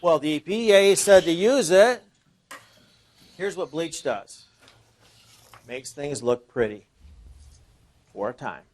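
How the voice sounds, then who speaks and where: A man's voice: fairly high pitch, lively intonation, slow, pauses often. A man presenting at an informal seminar, talking conversationally and asking the audience rhetorical questions, often repeating and restarting phrases. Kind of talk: informal sales seminar talk.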